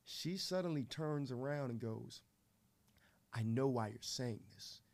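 Male radio co-host, casual storyteller, lively delivery, mid-range voice. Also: mid-range voice, a little slow. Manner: animated, laughing storyteller, acts out voices. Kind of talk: casual storytelling on a morning show.

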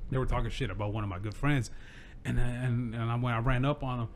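A man's voice: medium pitch, fast, a little hiss or hum. A young man telling stories in casual chat. He swears freely and often breaks into laughter. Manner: animated, profane, laughs often. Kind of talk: casual storytelling.

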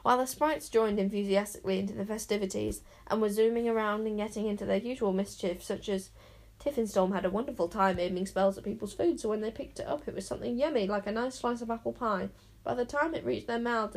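A woman's voice: a little high, quick pace, gravelly. A woman reading a children's fantasy storybook aloud, narrating expressively. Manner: expressive, lively character voices.

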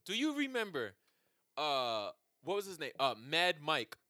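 A man riffing on a casual comedy podcast, his voice high and bouncing wildly in pitch. He tells stories with loose, profane energy and laughs often. The sound is close and dry. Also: unhurried, dry recording. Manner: animated, laughing, profane storytelling. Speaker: podcast co-host.

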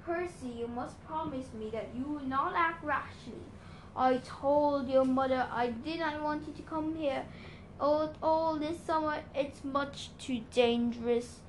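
A woman reading as a grave, gentle centaur teacher. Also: sits high, measured pace, reverberant, slight background noise, poor audio. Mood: earnest.

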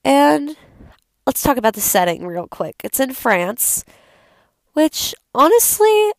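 A woman's voice: high voice, big pitch swings, slow, creaky, dry recording, clean studio sound. A young woman hosting her own video, talking casually and rambling about a film she loves, with many fillers. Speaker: video host. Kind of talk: casual unscripted film talk.

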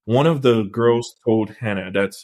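A man talking as a podcast guest, telling an enthusiastic story in a halting way. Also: on the low side, darkish tone, no echo. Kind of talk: casual chat.

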